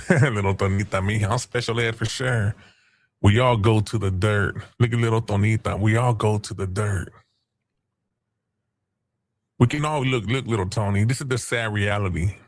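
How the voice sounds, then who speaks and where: A man's voice: on the low side, normal speed, pauses often. A man hosting a casual livestream, taunting chat users in crude, profane slang. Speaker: stream host.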